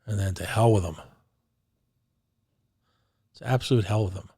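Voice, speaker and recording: A man hosting live talk radio, sarcastic and halting, often stumbling over and repeating his words. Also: on the low side, warm tone, breathy edge.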